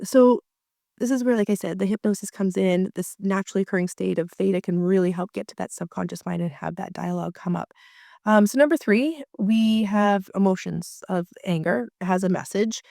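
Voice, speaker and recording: A woman's voice: medium pitch, gravelly, dark tone, dry recording, clean studio sound. A woman working as a marriage coach, talking casually and chattily with many fillers and restarts.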